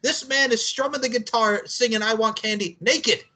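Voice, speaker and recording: Bright-voiced man hosting a podcast. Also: very high-pitched, normal speed. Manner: rambling, laughing, profane. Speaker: podcast host. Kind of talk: casual podcast chat.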